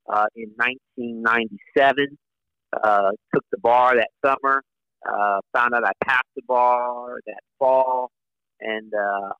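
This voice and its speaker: A man's voice: fairly low pitch, pushed and bright, smooth, no echo, muffled recording. A man in his forties, a Navy lawyer, telling his story in a casual interview with many fillers and restarts. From United States.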